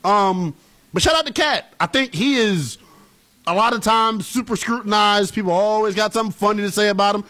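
A man co-hosting a sports talk show, giving animated, opinionated takes in casual chat. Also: high voice, fairly quick. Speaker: co-host.

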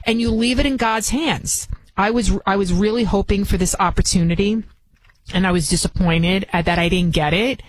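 A woman's voice: medium pitch, fairly even intonation, normal speed, low-quality recording. Bronx lady on talk radio, chatty and emphatic, trips over her sentences a lot. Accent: Bronx New York. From Bronx, New York. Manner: chatty, emphatic, rambling restarts. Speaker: radio guest host.

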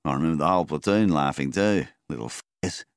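A man's voice: rumbling low, fast talker, vocal fry, no room sound, clean studio sound. A man voicing a bitter, defensive war veteran, speaking coldly and curtly in an audiobook. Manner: hard, clipped, spitting.

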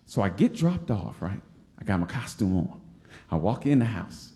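A man from Detroit telling a personal story live on stage, animated and laughing as he acts out other people's voices. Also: lowish voice, normal speed, echoey room. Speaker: storyteller, stand-up comic.

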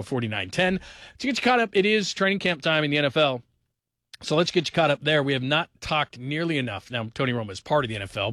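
A man's voice: medium pitch, dry recording, studio quality. A man hosting a sports talk radio show, joking and laughing his way through casual commentary. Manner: animated, laughing, joking asides.

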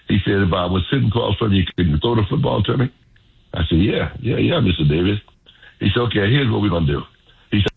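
A man's voice: deep voice, husky. An older man, a former football player telling stories in an interview, repeating phrases as he goes. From Louisiana. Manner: animated storyteller, repeats phrases. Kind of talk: storytelling interview. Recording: phone-like radio line.

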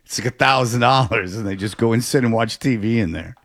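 A man chatting casually, spinning out a long story with plenty of false starts and sudden bursts of excitement. His voice sits at an ordinary pitch, and the recording is close and dry. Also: brisk, no echo. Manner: rambling, animated storyteller with frequent restarts.

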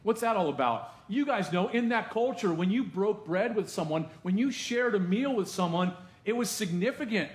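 A man's voice: sits high, expressive, moderate pace, hardly any pauses. A man pastor giving a sermon in a church, speaking in a conversational way with frequent asides to the congregation. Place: church sanctuary. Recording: echoey church room.

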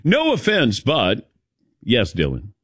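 A man in his sixties hosting a sports talk show, telling stories in a chatty, animated way with chuckling asides. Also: mid-range voice, slow pace, husky, dry recording, studio quality. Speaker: sports radio host.

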